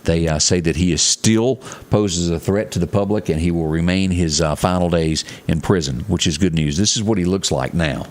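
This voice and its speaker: A man's voice: low voice, normal speed, few pauses, darkish tone. A man co-hosting a morning show, reading headlines in a folksy, chatty way with asides. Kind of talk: casual news chat.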